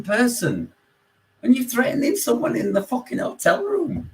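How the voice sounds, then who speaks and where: A man with a Yorkshire accent, calling in and telling a story in casual chat, swearing constantly and animated. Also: very high voice, moderate pace, creaky, slight background noise, poor audio. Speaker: caller.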